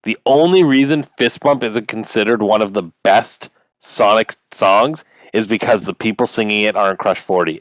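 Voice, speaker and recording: A man's voice: fairly low pitch, dry recording. A man co-hosting a podcast in casual chat, running the bracket and arguing his opinions with lots of "like".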